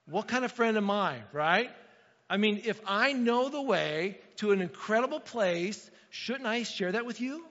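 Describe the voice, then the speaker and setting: A man's voice: high voice, normal speed, pushed and bright. A man preaching a sermon in a casual, conversational way, often asking the room "right?" and acting out little exchanges. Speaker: pastor. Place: church hall. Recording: dull, reverberant hall sound.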